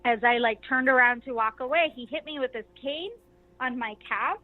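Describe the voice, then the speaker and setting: A woman's voice: high voice, moderate pace, no room sound. A woman guest casually recounting events, chatty, with many fillers. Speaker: interview guest, activist delegate. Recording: tinny phone-line sound.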